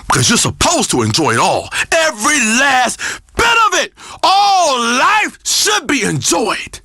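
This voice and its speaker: A brash, bellowing radio guru. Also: male voice, very high-pitched, huge pitch swings, unhurried, no room sound, clean studio sound, heavily acted. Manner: loud, preachy, crude and boastful, swings between growls and shouts. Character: brash self-styled spiritual guru, male radio host. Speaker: radio talk show host. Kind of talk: comedic radio talk show.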